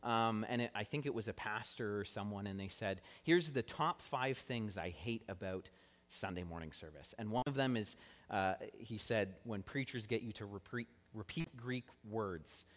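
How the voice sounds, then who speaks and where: A man's voice: on the low side, normal speed, a bit bright. A man preaching a conversational sermon in a church, earnest and chatty, drawing the congregation in to repeat words with him. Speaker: pastor. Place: church sanctuary. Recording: long church hall reverb.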